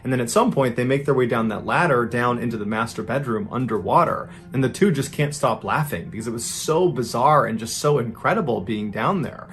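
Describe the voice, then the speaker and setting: A man's voice: mid-range voice, lively intonation, a bit bright, soft background music. A man hosting a podcast, narrating a true story in a dramatic storytelling style, his voice rising and speeding up as the tension builds. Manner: builds tension, voice rising and quickening in tense moments.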